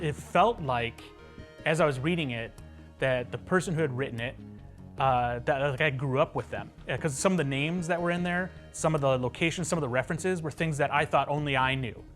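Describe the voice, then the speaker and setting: A man, a game developer, speaking earnestly and reflectively in a documentary interview. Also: medium pitch.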